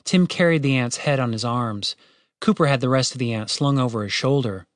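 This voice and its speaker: A man narrating a fantasy audiobook in a steady, wry storytelling way, with casual swearing. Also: medium pitch, a little fast, dry recording, clean studio sound.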